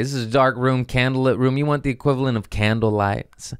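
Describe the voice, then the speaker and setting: A man's voice: mid-range voice, moderate pace, long pauses, clear, resonant tone, no echo, studio quality. A young man hosting a talk show, telling a long comedic story with profanity and self-mocking asides. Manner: profane, self-mocking, animated with quoted voices. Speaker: podcast host.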